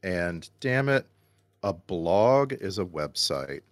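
Deep-voiced man nitpicking. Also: sing-song, slow, no room sound. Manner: fussy pedantic nitpicker. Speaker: podcast co-host. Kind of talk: casual chat.

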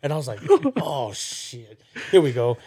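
A young man in casual podcast chat, telling a story in an excitable way and laughing through it. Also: mid-range voice, fast talker, slightly rough.

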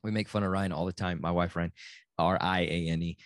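A middle-aged Texan man who is a dad and a podcast host talks casually on his own solo show, rambling and interrupting himself. His voice is deep and steady in tone, a little fast, with a Texan accent and no echo.

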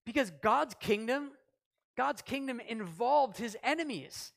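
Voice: mid-range voice, animated, measured pace, vocal fry. A pastor preaching a sermon in a church service, talking conversationally, asking the congregation questions and acting out short quoted lines.

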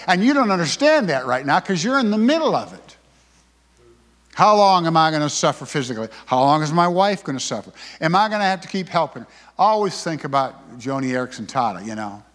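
An older man preaching a sermon as pastor, folksy, swinging from loud emphasis to hushed asides. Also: on the high side. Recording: long hall reverb.

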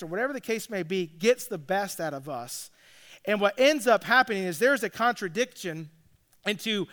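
A man's voice: sits high, sharp tone, smooth. A middle-aged man, a pastor, giving a conversational sermon full of asides and restarts.

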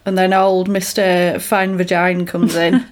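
A woman's voice: on the low side, level tone, a little slow. A woman in casual chat, recapping a film and giggling as she acts out characters' lines.

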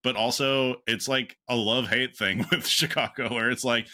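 A man in a casual podcast discussion, speaking haltingly with restarts and laughing through his talk. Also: medium pitch, fairly even intonation, bright, forceful tone.

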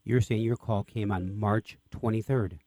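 A man's voice: fairly low pitch, steady tone, measured pace, warm tone, no room sound, studio quality. A man hosting an interview who asks questions with enthusiasm. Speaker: host, interviewer. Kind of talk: radio interview.

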